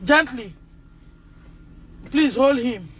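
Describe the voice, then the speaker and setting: Nigerian woman, phone livestream, distressed, re-enacts conversations, sharp bright tone. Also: high voice, expressive, drawn-out words, slight background noise. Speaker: mother speaking on a livestream. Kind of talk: emotional livestream testimony.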